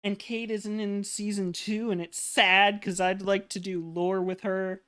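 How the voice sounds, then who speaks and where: Slow, smooth-voiced young woman chatting. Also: mid-range voice, little pitch movement. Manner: hesitant, many ums, soft laughs. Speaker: guest streamer. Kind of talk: casual chat on a game stream.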